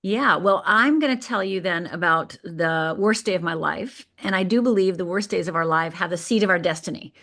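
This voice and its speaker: A middle-aged woman from Michigan tells her own story as a podcast guest. She speaks vividly and lets key moments land with deliberate pauses. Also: fairly low pitch, a bit bright. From Upper Peninsula of Michigan. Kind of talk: telling a personal story on a podcast.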